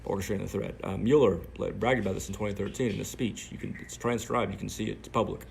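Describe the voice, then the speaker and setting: A man's voice: lowish voice, steady tone, fast, creaky, slight background noise. A man telling a story to camera in a sardonic, rambling way, with many fillers.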